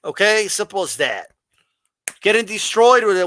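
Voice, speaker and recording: A man's voice: high voice, moderate pace, no echo. A man hosting a boxing livestream, answering chat in a combative, confrontational way with pointed rhetorical questions. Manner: mocks a flat monotone voice. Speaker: boxing channel host reading live chat. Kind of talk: livestream talk.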